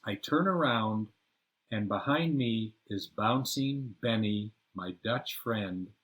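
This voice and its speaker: A man's voice: mid-range voice, fairly bright tone. An older man hosting a podcast, telling personal travel stories in a rambling way and searching for words. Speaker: podcast host and storyteller.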